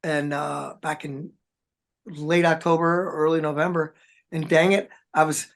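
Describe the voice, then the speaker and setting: A man's voice: fairly high pitch, flat delivery, unhurried, creaky. Rambling, chatty male rock drummer. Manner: rambling, chatty storyteller, says man and dude a lot. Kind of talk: casual interview chat.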